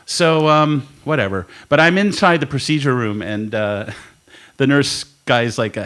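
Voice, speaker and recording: A man's voice: mid-range voice, expressive, normal speed, a bit bright. A man co-hosting a podcast in a studio, telling a long story in casual chat, swearing and laughing as he goes. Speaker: podcast co-host. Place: recording studio.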